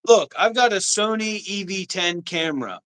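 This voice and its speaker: Intense bright-voiced man hosting a livestream. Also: high voice, lively intonation, normal speed, poor audio. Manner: intense, scolding viewers; rambling, dictating prompts. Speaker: livestream host. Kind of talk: livestream talk.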